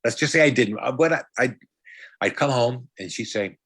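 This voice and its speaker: A man's voice: medium pitch, expressive, moderate pace, a bit bright, husky, no echo. A man from upstate New York, a comedian and magician talking as a podcast guest, rambling and joking with frequent restarts. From Brighton, Rochester, New York. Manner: rambling, jokey, with many restarts and playful asides. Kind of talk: casual conversation.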